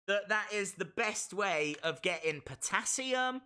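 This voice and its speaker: A man's voice: high-pitched, expressive, unhurried, sharp tone, clean tone. A man hosting a casual live reaction stream of a wrestling show, playfully repeating phrases and reading out viewers' chat.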